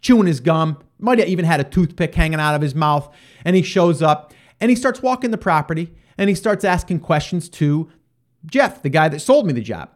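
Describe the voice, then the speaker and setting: A man hosting a podcast, talking in a high-pitched voice as he tells a story off the cuff. He is animated, acting out both sides of conversations and often restarting his sentences. The delivery is loose and conversational, with plenty of fillers. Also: brisk. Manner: animated, acts out quoted exchanges. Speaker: podcast host. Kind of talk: casual storytelling monologue.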